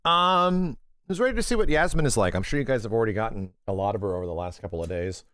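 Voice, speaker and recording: A man livestreaming in casual chat with his audience, animated and rambling, swearing freely and calling people bro and dude. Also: on the low side, quick pace, smooth, no echo, clean studio sound.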